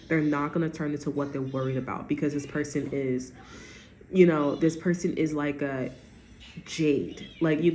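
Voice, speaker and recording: A woman gives a casual tarot reading, giggly and rambling, swearing freely and tagging her lines with "okay?". Her voice is low-pitched and a little mellow, in an echoey room with faint ambient noise.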